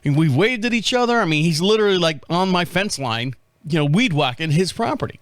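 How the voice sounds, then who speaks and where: A man in his fifties tells a long, wandering story with a fairly high voice for a man. He cusses freely and keeps chuckling at his own tale. The sound is close and dry. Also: animated, fairly quick, no echo. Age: 50s. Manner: chatty, profane, often laughing at his own stories. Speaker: podcast host. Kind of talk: casual rambling storytelling monologue.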